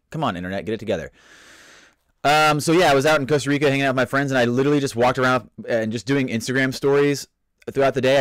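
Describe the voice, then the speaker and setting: A man's voice: medium pitch, no room sound, clean studio sound. A man hosting a casual live stream, greeting viewers and reading out chat comments in a playful, rambling, self-mocking way.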